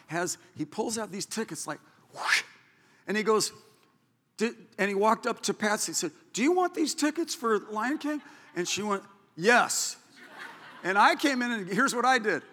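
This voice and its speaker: A man preaching a sermon as pastor, telling a story in an animated, excitable way. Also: high voice, moderate pace. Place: church. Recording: echoey church hall.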